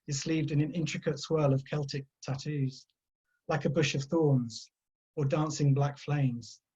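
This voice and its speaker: A man, an author, reading his own crime fiction aloud at an unhurried pace over a video call. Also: fairly high pitch, darkish tone, husky. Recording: dull lo-fi video call audio.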